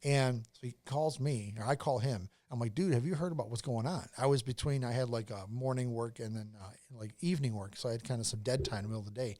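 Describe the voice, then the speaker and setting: A man's voice: mid-range voice, fairly even intonation, fast, few pauses, a little mellow. A man as a podcast guest, telling a long casual story with lots of fillers, restarts and swearing.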